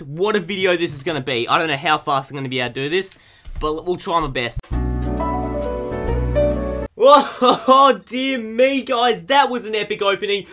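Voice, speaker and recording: A young man with an Australian accent, his tone bright and forceful and pitched a little high. He chats casually while unboxing trading cards, goofy and excitable, bursting into loud shouts and giggles. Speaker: YouTuber opening trading cards.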